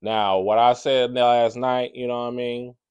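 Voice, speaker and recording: A man giving casual reaction commentary, animated and slangy. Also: medium pitch, a little slow, smooth, no echo, highs cut off.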